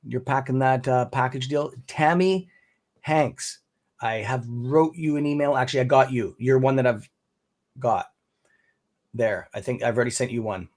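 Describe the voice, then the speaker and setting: A man with a Canadian accent hosting a casual live stream and talking to viewers, rambling and friendly, calling them brother and bud. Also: medium pitch. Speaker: stock trading stream host.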